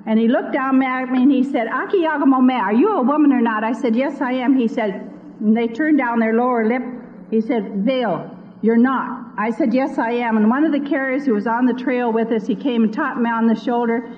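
A woman's voice: on the high side, fairly even intonation, brisk. An older woman telling her missionary story as a personal testimony, earnest and vivid, acting out the voices of the people she quotes. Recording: dull lo-fi recording with long reverb.

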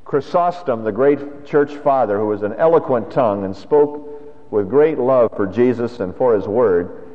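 Speaking a little slowly, a man with a medium-pitched voice and lively intonation preaches a conversational sermon peppered with rhetorical questions. He's a pastor, captured in a dull, lo-fi church recording with long reverb.

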